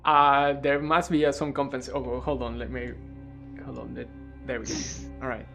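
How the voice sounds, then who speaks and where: A man narrating a tabletop game as game master, with frequent pauses and restarts. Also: mid-range voice, little pitch movement, creaky, sharp tone, faint music behind. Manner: halting, full of fillers and restarts.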